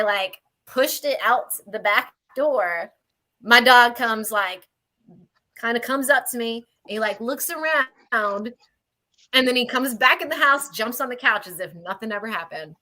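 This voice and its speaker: A woman paranormal investigator telling a story in an animated, chatty way on a video call, laughing mid-sentence. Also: a little high. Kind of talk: casual storytelling.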